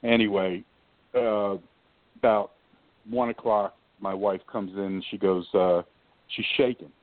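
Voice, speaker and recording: A man's voice: on the low side, unhurried, dry recording. Older man telling stories over a tinny line. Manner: lively storyteller who acts out quoted dialogue. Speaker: former basketball shooting coach. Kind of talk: casual storytelling anecdote. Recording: tinny phone-like line, dry.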